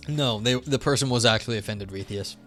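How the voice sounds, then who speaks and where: A man's voice: medium pitch, a little fast, fairly bright tone. A man with a mid-range voice runs a live philosophy stream. He reads an academic paper aloud, then breaks off to explain it in plain words and to chat loosely, poking fun at himself. Faint music plays behind him. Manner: chatty and self-deprecating, reading aloud then explaining in plain terms.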